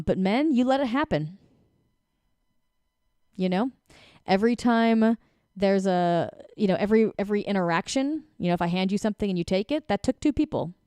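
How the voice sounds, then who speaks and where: A woman in her forties giving casual relationship advice as a coach, talking in an animated way and breaking into quick acted-out voices. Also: mid-range voice, clear, resonant tone, no room sound, clean studio sound.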